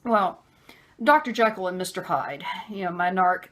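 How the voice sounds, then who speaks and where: A woman's voice: on the low side, normal speed, fairly bright tone. Woman, personal storytelling vlog, conversational, lots of fillers. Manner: acts out a harsh man's voice in quotes. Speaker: vlogger.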